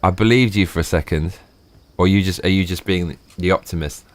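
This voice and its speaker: A man live streaming, ranting and swearing in excited bursts. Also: low-pitched, normal speed. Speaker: livestreamer.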